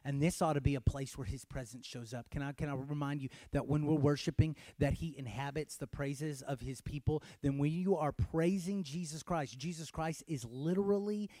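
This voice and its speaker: A man preaching a sermon in church, calling on the congregation to shout and swinging from hushed lines to loud ones. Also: a little high, moderate pace, few pauses, dry recording. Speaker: pastor.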